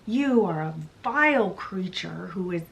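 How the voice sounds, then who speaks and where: A woman's voice: lowish voice, lively intonation, unhurried, gravelly. A woman voicing a determined young heroine while casually retelling a story. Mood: triumphant. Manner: casual retelling, little acting.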